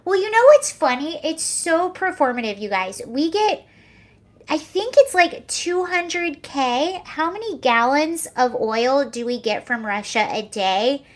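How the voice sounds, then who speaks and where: Young woman livestreaming, high voice, sarcastic and giggly, reading chat comments. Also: expressive, a little slow. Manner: sarcastic, laughing, chatty. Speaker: livestream host.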